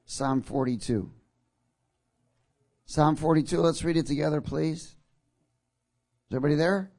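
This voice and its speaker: A male pastor delivering a sermon with a fairly high voice. He preaches in call-and-response, asking for amens. He chuckles lightly at his own jokes. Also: normal speed, a little mellow.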